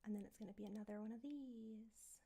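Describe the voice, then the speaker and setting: A woman's voice: mid-range voice, steady tone, fairly quick, dark tone, breathy edge. A woman chatting casually as she works out a song, thinking aloud and singing melody bits with scat syllables. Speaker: songwriter streamer. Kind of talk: casual songwriting livestream chat.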